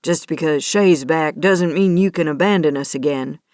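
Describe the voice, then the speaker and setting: A woman's voice: low-pitched, moderate pace, a little mellow, no echo, studio quality, voice pushed down, natural voice. A woman voicing an angry young male cowboy who talks in a curt, resentful way. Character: young male cowboy, bitter and short-tempered.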